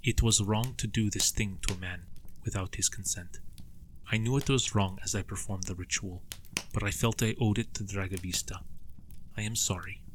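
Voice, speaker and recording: A man doing Father Vadim, a gentle Romanian priest. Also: fairly low pitch, steady tone, normal speed, background noise, natural voice. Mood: grave, gentle. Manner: gentle, grave, apologetic. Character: kindly Romanian village priest, large, calm.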